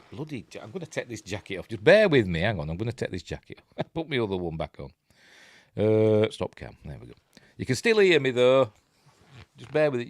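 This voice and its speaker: A man's voice: fairly low pitch, no room sound. A man with a Yorkshire accent giving casual, rambling film commentary, often correcting himself and chuckling at his own asides. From England. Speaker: film reviewer.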